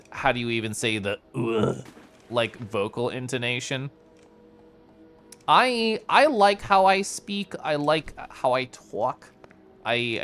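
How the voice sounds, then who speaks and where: Animated young man chatting on stream. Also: mid-range voice. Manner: animated, laughs often, talks to chat in a flowing monologue. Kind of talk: casual live-stream chat while gaming.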